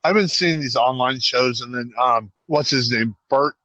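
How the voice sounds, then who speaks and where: A man's voice: medium pitch, normal speed, no room sound, low-quality recording. A man co-hosting a casual podcast, telling stories and acting out voices as he goes. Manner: animated storyteller, acts out voices. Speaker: podcast co-host. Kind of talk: casual chat.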